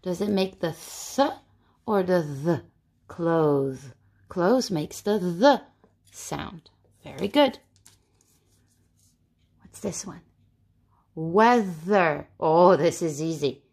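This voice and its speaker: A woman teaching a phonics lesson to young children, repeating each word slowly and asking lively questions. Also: on the low side, gravelly.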